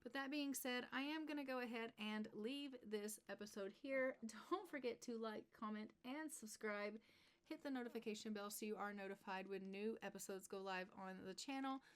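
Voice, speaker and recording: A woman hosting a gaming channel, narrating a life-sim game in a chatty, excitable way and laughing often. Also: a little high, moderate pace, clear, resonant tone. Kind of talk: let's play narration.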